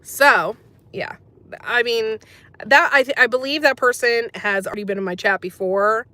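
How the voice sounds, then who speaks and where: A woman's voice: fairly high pitch, normal speed, bright, forceful tone, no echo. Chatty American woman livestreaming. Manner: chatty, says um often, sympathetic. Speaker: livestream host reading chat. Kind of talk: casual livestream chat.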